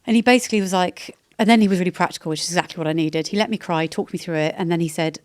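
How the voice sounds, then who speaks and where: Fast-talking British woman, chatty and rambling. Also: on the low side, a little mellow, no echo. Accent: British English. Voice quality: chatty, rambling, self-interrupting. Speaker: podcast guest. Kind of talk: candid casual chat.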